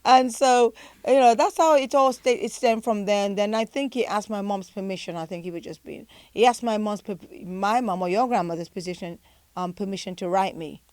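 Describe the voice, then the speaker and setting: Older English-accented woman, lively storyteller, dry close sound, easy to cast as a guest reminiscing. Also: mid-range voice, moderate pace, dry recording. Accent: British. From England. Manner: animated storytelling, laughs often. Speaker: podcast guest, pastor. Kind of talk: casual chat.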